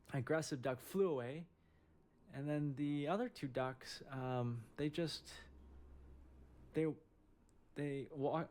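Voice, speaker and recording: A middle-aged man, a surgeon, telling a personal story in a casual, halting way with many fillers and restarts. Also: medium pitch, darkish tone.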